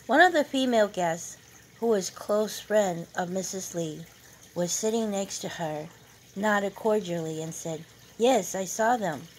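A woman narrating a novel chapter aloud at a steady, measured pace. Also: mid-range voice, a little hiss or hum, low-quality recording.

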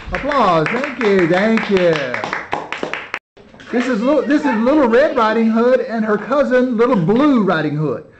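A man with a notably high voice directs a children's play at home, coaxing the young actors along and heaping on encouragement as he narrates. He is filming as he talks. The camera audio is slightly dull and lo-fi, with a faint hiss underneath. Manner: coaxing, encouraging, repeating praise. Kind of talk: coaching children through a rehearsal while filming. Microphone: handheld camera mic.

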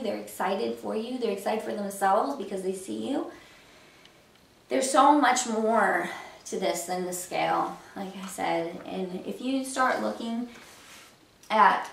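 Gravelly-voiced woman fitness coach, roomy echo. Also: medium pitch, measured pace, slight background noise. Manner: fires off rhetorical questions; chatty with many "you know" fillers. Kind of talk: motivational coaching talk. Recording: roomy echo, mic at a distance.

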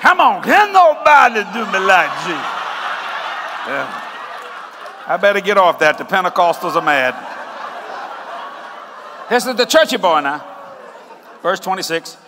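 A male preacher giving a sermon in an animated, joking way, often breaking into shouts. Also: high-pitched, a little slow, pauses often, long reverb tail, crowd noise, noisy background.

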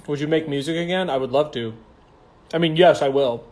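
A young man with a slightly high voice chats loosely into a phone held at arm's length. He reads viewers' comments aloud and answers them with sassy, campy slang. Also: normal speed, darkish tone, slight background noise. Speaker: stage actor hosting a livestream. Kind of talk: casual livestream chat reading comments.

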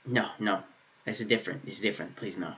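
A man hosting an anime reaction video, excitable and laughing as he talks back to the screen in casual commentary. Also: on the low side, quick pace, highs cut off. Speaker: anime reaction channel host.

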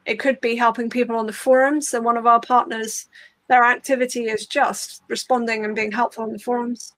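A woman on a panel walking through practical steps in a clear, conversational way. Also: a little high, flat delivery, fairly quick, dry recording. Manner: clear, practical, step-by-step explaining. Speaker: open source community leader.

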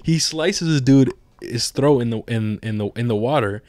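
A man co-hosting a podcast, excitedly retelling movie scenes in casual, profane chat. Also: mid-range voice, moderate pace, no echo. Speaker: podcast co-host.

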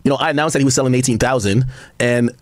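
A man giving rambling, excitable live-stream commentary, full of asides and quoted conversations. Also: mid-range voice, rapid-fire, dry recording. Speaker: livestream commentator.

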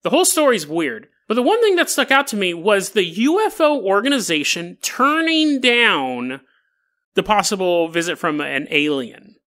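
A man's voice: high voice, big pitch swings, normal speed, bright, forceful tone. A man hosting a casual storytelling podcast, joking and laughing through wry asides. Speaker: podcast host.

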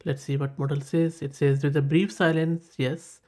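A man with a South Asian English accent walks through a tech tutorial in a casual, enthusiastic way, often repeating his praise. His voice sits a little on the high side. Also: level tone, moderate pace, dark tone. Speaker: tech channel host. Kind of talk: casual screen-recorded tutorial.

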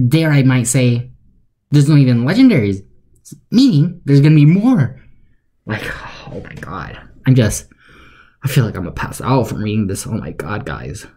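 A young man giving deadpan, sarcastic commentary for a joke video, rambling with fillers. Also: mid-range voice, breathy edge. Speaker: YouTuber.

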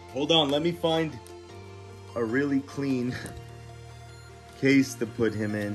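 A man's voice: medium pitch, a little slow, pauses often, fairly bright tone, faint music behind. A man hosting a casual card-unboxing vlog, talking eagerly and chatting straight to his viewers. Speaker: card-opening channel host.

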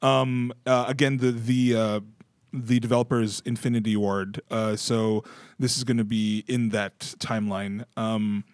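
Male podcast host, mid pitch, dry close mic, loose filler-heavy delivery. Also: flat delivery, a little slow, no echo. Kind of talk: casual chat.

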